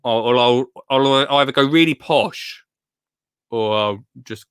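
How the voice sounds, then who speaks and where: A man's voice: medium pitch, slow pace, clear, resonant tone, dry recording, clean studio sound. A young man with an Essex accent hosting a gardening phone-in live stream, chatty and self-deprecating, rambling with lots of fillers. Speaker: gardening livestream host. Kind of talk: casual live-stream chat. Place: home in Essex, reading comments live.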